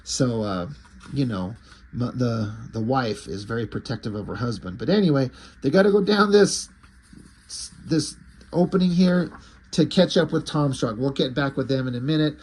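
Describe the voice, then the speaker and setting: A man's voice: medium pitch, expressive, moderate pace, darkish tone, a little hiss or hum. A man casually reviewing a comic book, enthusiastic and rambling, with frequent hesitations and restarts.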